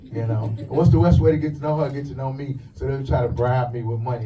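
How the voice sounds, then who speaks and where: A man doing a stand-up comedy set in a club, telling crude, punchy stories with quick asides. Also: medium pitch, steady tone, recorded from a distance, muffled recording, a little hiss or hum. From lives in the USA.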